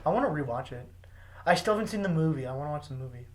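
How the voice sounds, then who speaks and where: A young man co-hosting a casual podcast, excitable and enthusiastic, using slang. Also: a little high, racing. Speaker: podcast co-host. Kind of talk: casual chat.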